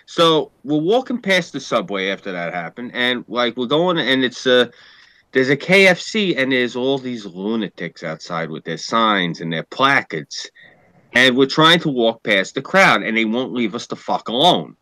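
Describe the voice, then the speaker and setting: A man's voice: medium pitch, normal speed, dry recording, rough recording. A man telling a story in a casual podcast chat, swearing often and with lots of energy. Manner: profane, animated storyteller.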